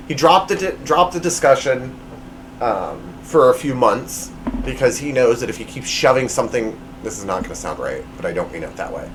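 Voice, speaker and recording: A man's voice: mid-range voice, big pitch swings, fairly quick, slight background noise, poor audio. A man hosting his own podcast, telling a personal story in a rambling, self-deprecating way with lots of fillers and restarts, recorded at home. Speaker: podcast host.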